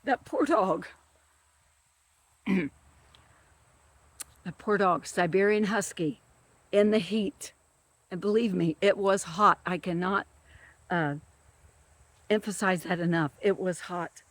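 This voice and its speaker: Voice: mid-range voice, fairly even intonation, slow, long pauses, a bit bright, no room sound. A government field worker ranting in a monologue, emphatic and repetitive, who keeps stressing the same words.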